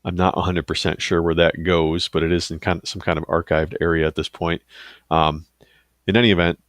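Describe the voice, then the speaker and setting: A man casually talking through a software tutorial, thinking aloud with loose fillers and asides. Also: deep voice, level tone, fairly quick, no room sound, studio quality. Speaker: teacher giving a software tutorial. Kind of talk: screen-recorded tutorial.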